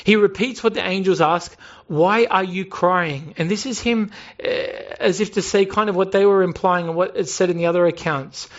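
A man's voice: high voice, fairly even intonation, a little fast, lo-fi sound. A man preaching a sermon in an earnest way, asking rhetorical questions and building emphasis. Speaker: pastor.

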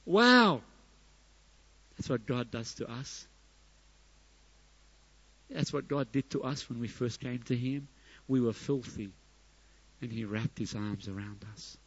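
A middle-aged man preaching a sermon, his voice swelling to loud emphatic peaks and then dropping soft. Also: medium pitch, fairly even intonation, a little slow, pauses often, husky, dull audio. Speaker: pastor.

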